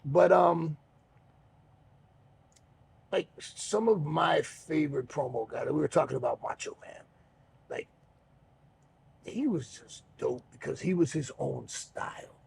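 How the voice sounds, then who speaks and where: Casting: middle-aged male podcast host, deep gravelly fry, slightly high-set voice, loose and profane storyteller. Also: takes it slowly, pauses often, slight background noise. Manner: relaxed, rambling, swears freely, many fillers. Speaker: podcast host and pro wrestler. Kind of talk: casual storytelling chat.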